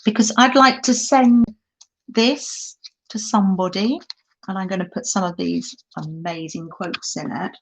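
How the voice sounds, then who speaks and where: Here a middle-aged woman, mid-range in voice, steady, a bit bright and at a measured pace, hosts a casual craft stream indoors at a holiday home's craft table. She chats and laughs frequently while reading viewers' comments aloud, and the laptop mic makes the audio poor.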